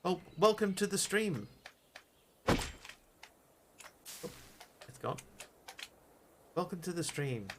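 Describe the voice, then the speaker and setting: A man's voice: high voice, big pitch swings, takes it slowly, pauses often, very noisy. A man streaming a game live, chatting casually, thinking aloud and answering his viewers as he plays.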